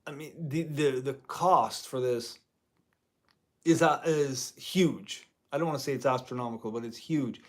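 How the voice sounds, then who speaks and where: A man's voice: mid-range voice, unhurried. A man hosting a guitar channel, talking casually and indignantly to the camera in a rambling way as a part-time music teacher.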